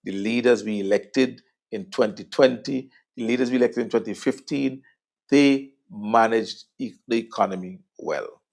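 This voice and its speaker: A man with a Vincentian accent hosting a political talk show, sardonic and conversational, swinging between loud jabs and murmured asides. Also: medium pitch, normal speed, vocal fry. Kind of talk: political commentary.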